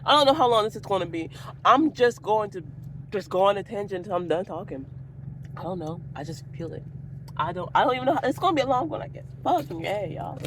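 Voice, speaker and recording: A woman's voice: medium pitch, expressive, quick pace, slight background noise. A woman vlogger talking in a rambling, profane, casual rant that keeps going off on tangents. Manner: profane, goes off on tangents, laughs a lot.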